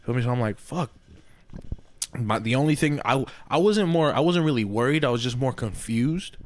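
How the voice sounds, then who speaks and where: A man co-hosting a podcast, telling a long story in a casual, animated and profane way, often asking "you feel me". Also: medium pitch, normal speed. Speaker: podcast co-host. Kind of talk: casual storytelling among friends.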